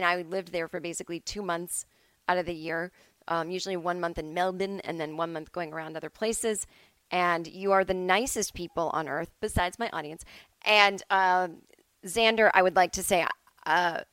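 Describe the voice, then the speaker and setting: A woman's voice: on the low side, a bit bright, no room sound, rough recording. Chatty rambling woman podcaster. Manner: rambling, chatty, self-interrupting. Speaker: podcast host. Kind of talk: casual solo podcast monologue. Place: at home.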